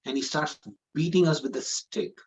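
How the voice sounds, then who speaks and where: A man's voice: a little high, moderate pace, low-quality recording. A man giving a scripture class, telling a story earnestly and repeating phrases for emphasis. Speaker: preacher.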